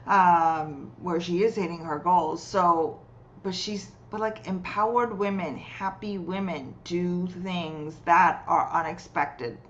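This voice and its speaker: Animated woman coach telling stories. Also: on the low side, slow pace, muffled recording, slight background noise. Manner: lively, acts out quoted voices while telling client stories. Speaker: energy healer and relationship coach, guest. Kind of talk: conversational storytelling.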